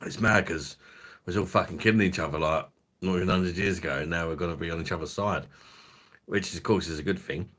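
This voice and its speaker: A man's voice: sits low, fast, a bit bright. A man hosting a casual livestream chat, rambling and swearing freely with the odd chuckle. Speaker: host.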